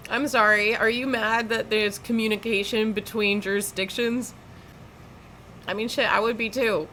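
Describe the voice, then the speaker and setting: A woman's voice: on the high side, steady tone, normal speed, sharp tone, a little hiss or hum. A woman giving sarcastic, lecturing reaction commentary over police footage.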